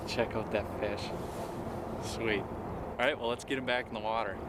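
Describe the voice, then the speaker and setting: Excitable man hosting a fishing show. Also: fairly low pitch, moderate pace, very noisy. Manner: excitable, folksy exclamations. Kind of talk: outdoor fishing narration. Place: on a boat outdoors on a lake. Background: background music.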